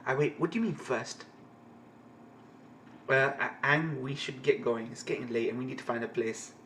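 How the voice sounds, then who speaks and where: A man reading the lines of a polite teenage girl from a comic in a low-key voice. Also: normal speed, a bit bright, a little hiss or hum, close to an everyday voice. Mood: uneasy.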